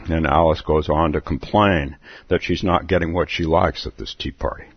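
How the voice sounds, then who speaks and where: A man's voice: extremely low pitch, fairly even intonation, moderate pace, breathy edge, no echo, dull audio. A man giving a reflective Zen dharma talk, musing aloud and chuckling between thoughts. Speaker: Zen teacher.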